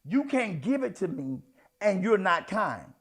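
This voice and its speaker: A man preaching a sermon in a folksy, conversational way, swinging between hushed asides and loud outbursts. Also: high-pitched, very animated, unhurried. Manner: folksy, addresses congregation as y'all, child, honey. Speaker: apostle preaching.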